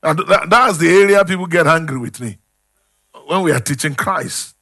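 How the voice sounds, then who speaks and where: A man preaching a sermon, calling out questions to the congregation and swinging between loud and hushed. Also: a little high, lively intonation, normal speed, gravelly. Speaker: pastor.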